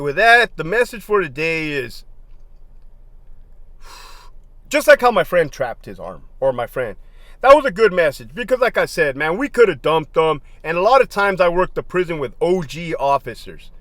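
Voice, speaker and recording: A man's voice: on the high side, fairly bright tone, no echo. A middle-aged former prison lieutenant telling stories in a casual, profane way, laughing often as he goes. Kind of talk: casual storytelling monologue.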